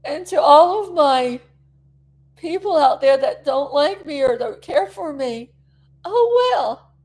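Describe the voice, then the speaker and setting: A woman's voice: high-pitched, animated, measured pace, darkish tone. A woman from South Florida, a vlogger recovering from an injury, chatting to viewers in a rambling, emotional way. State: recovering, tearful. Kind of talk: casual chat to camera.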